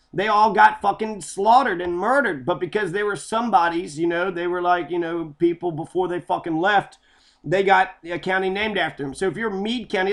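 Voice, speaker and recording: A man's voice sits high and a bit bright as he gives a profanity-laden, sarcastic, heated rant about Kentucky local history, where he's from.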